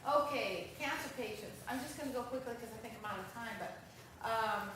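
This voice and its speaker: An American woman giving a talk at an event, telling stories with animated quoted voices, asking for the next slide. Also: on the high side, normal speed, noisy background. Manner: animated storytelling, acts out quotes. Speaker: vegan speaker giving a talk. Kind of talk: conference presentation with slides. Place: event hall at a festival. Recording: echoey hall, distant mic.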